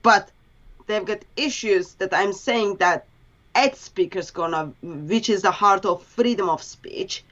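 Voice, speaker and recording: Halting, earnest woman on dull audio. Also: mid-range voice, fairly bright tone. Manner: halting, earnest, with grammar slips. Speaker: interview guest.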